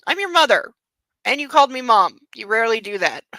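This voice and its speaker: A woman reading the lines of a warm, doting middle-aged mother in a gentle, fond delivery. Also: on the high side, big pitch swings, fairly quick, no room sound, exaggerated voice, poor audio. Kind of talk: reading a novel aloud.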